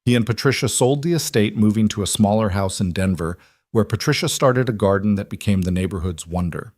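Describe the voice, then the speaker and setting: A man with a low voice narrates a story in a steady, measured read. The sound is dry and close, with no room around it. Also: no echo.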